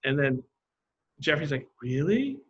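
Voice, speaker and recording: A man's voice: mid-range voice, quick pace, dull audio. A man, a graffiti artist telling stories in casual chat and acting out other people's lines. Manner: animated storyteller, acts out other people's lines in quotes. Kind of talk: casual storytelling.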